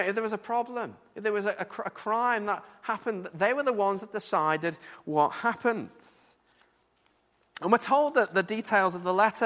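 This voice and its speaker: A man preaching a sermon, earnest and animated, often repeating words as he builds his point. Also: sits high, long reverb tail.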